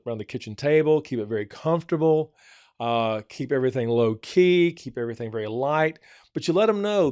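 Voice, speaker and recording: A man's voice: medium pitch, a little mellow, clear, resonant tone, no echo, studio quality. A man on a church program giving earnest parenting advice, often repeating his points for emphasis. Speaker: church family counselor. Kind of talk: advice talk.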